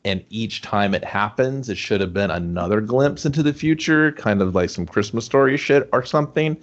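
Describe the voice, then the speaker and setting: A man's voice: fairly low pitch, expressive, normal speed. A man co-hosting a casual movie review chat, rambling as he picks apart the plot's logic. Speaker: co-host. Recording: dull lo-fi audio.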